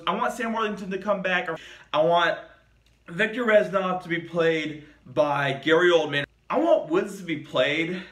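Bright-voiced man swearing through a game review. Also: high voice, echoey room. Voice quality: profane, rambling. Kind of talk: casual video review.

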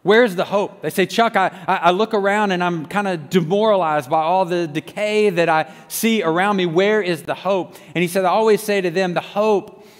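A man's voice: high-pitched, moderate pace, big-room sound. A man preaching a sermon, telling a story earnestly and often restarting his sentences. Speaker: pastor.

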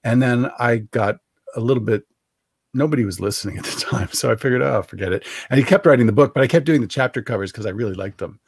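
A man's voice: medium pitch, fast, slightly rough, dry recording, studio quality. A man, an author, chatting on a video call, telling stories in a rambling, self-correcting way. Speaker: author guest. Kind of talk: casual video call interview.

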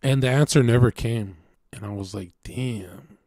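A young man from Canada, a streamer, talking in a rambling, profane casual monologue that swings between loud bursts and low mutters. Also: a little fast, no room sound, studio quality.

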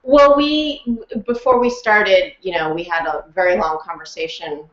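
A woman chats through an interview with lively, rambling energy and frequent laughs. Her voice sits a little low for a woman. The sound is roomy and a bit dull and lo-fi. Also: normal speed. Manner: chatty, animated, laughs often, many fillers. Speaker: interview guest, audiobook narrator and actress. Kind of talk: casual interview chat.

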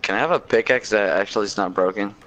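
A young man chatting casually in a multiplayer game, easygoing and quick to laugh. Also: lowish voice, fairly bright tone, a little hiss or hum. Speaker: gamer.

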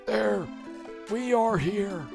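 A very old, kindly creature, as a player puts it on, speaking formally like a grandfather. Music plays clearly behind the voice in this fan-dubbed game. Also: mid-range voice, animated, pitched above the performer's own voice, heavily acted. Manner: slow, formal, grandfatherly speech. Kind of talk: fan dub of a game playthrough.

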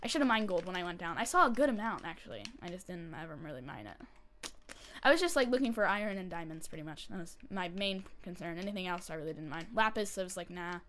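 A woman giving casual commentary while she plays a game, chatty and excitable, breaking into panicky squeals and repeated pleas when things go wrong. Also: fairly low pitch, quick pace, a little hiss or hum. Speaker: gameplay commentator.

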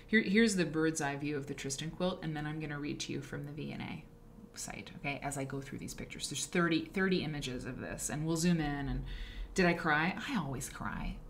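A woman's voice: low-pitched, brisk, hardly any pauses, a little hiss or hum. A woman hosting a live stream, chatting casually and rambling with frequent asides and self-corrections. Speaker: livestream show host. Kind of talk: casual live-stream talk about quilt history.

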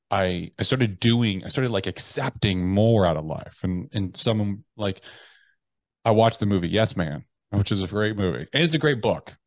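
A man's voice: low-pitched, dry recording. A man in his thirties, a podcast guest telling his story candidly, blunt and profane, often restarting his sentences.

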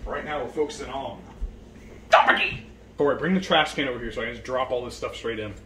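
A man's voice: medium pitch, fast, echoey room, very noisy. A young man hosting a casual cooking vlog, joking and bossing his friends around in a home kitchen. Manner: joking, bossy, chatty.

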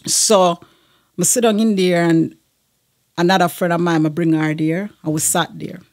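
A woman's voice: lowish voice, fairly even intonation, moderate pace, darkish tone. A woman, a guest sharing a personal testimony in an earnest manner, with frequent fillers.

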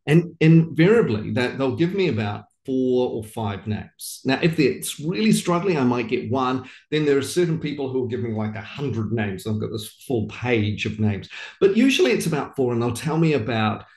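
Interview guest: New man explaining his coaching method, lively and expressive, acting out both sides of a talk; echoey room. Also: medium pitch, normal speed, hardly any pauses. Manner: acts out client dialogues, repeats words while thinking.

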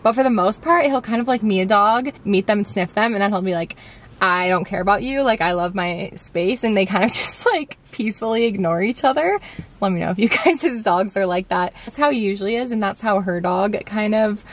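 A young woman chatting casually to her viewers at home as a lifestyle vlogger, relaxed and full of "like" fillers. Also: medium pitch, brisk. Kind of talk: casual chat. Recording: steady background noise.

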